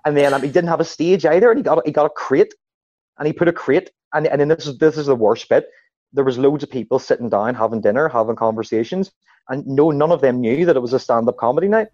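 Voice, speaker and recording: A comedian chatting casually and acting out the lines of people in his stories. His voice is mid-pitched and sits dry and close to the mic, with no room sound around it. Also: fast talker, no echo, lo-fi sound. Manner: animated anecdotes with acted-out quotes. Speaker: stand-up comedian, guest. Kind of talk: casual podcast chat.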